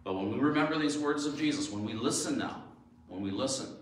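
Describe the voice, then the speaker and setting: A man's voice: mid-range voice, expressive, fairly quick, slight background noise. A man preaching as a pastor, telling stories and asking his listeners rhetorical questions with emphasis. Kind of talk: sermon. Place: church sanctuary. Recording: echoey church from far off.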